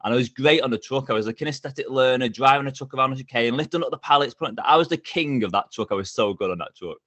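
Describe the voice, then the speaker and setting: A middle-aged man, a podcast guest telling stories with lively energy and frequent laughs. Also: medium pitch, rapid-fire, dry recording. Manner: energetic, animated, laughs often. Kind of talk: casual storytelling interview.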